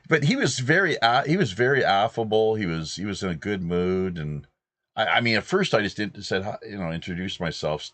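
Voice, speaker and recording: A man in his fifties from British Columbia, hosting and rambling through a relaxed anecdote. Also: on the low side, fairly quick, no room sound. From British Columbia, Canada. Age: 50s. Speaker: host. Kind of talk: casual anecdotal chat.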